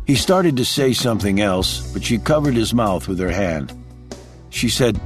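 Measured male audiobook narrator. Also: fairly low pitch. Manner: even, measured storytelling with varied character voices. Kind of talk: scripted narration. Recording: dry close mic with faint music.

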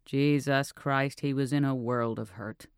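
A man reading an audiobook, narrating with steady tension. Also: medium pitch, unhurried, clear, resonant tone, dry recording, clean studio sound.

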